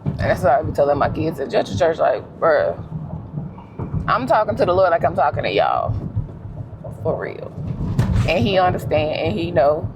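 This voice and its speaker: A young woman vlogging while driving, telling stories in a relaxed, slangy way. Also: deep voice, normal speed, noisy background. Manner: animated storytelling with slang and laughs. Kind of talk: casual vlog chat. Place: in a car.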